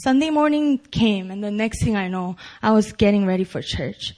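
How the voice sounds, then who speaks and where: A woman's voice: medium pitch, expressive, normal speed. Young woman reading an earnest testimony. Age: young adult. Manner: earnest, with soft nervous laughs. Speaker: church member giving testimony. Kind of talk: read personal testimony.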